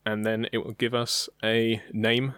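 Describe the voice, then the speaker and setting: A man's voice: mid-range voice, level tone, measured pace, a bit bright, smooth, no echo, studio quality. A young British man co-hosting a podcast, talking casually and hesitantly, with many ums. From Britain. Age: young adult. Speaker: podcast co-host. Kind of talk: casual chat.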